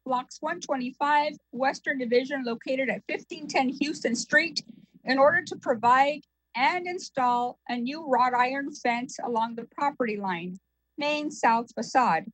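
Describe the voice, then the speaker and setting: High-voiced woman chairing a meeting. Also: no echo, rough recording. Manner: formal, reads agenda items, hesitant fillers. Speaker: board chair. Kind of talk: chairing a virtual public meeting.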